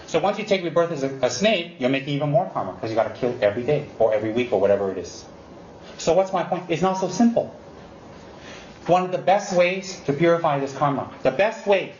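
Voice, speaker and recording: A male Buddhist teacher gives an unscripted dharma talk to students, animated and teasing, mimicking excuses and repeating emphatic warnings. His voice is on the high side, captured in a roomy, dull lo-fi recording with faint hiss.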